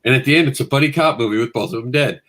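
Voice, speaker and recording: A man hosting a casual chat, joking and excitable, quick to mock himself. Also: medium pitch. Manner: joking, excitable, self-mocking. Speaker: host.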